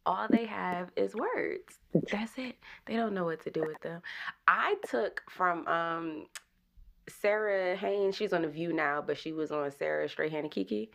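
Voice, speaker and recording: Woman host in her thirties, low gravelly voice, lively storyteller, laughs easily. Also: a little slow. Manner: animated storytelling, laughs often. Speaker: podcast host. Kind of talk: casual chat.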